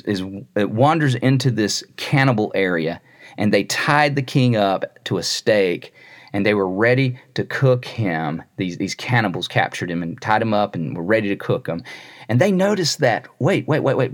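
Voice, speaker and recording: A man preaching a sermon. He speaks earnestly, often repeats a word as he starts a phrase, and tells stories with quoted voices. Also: mid-range voice.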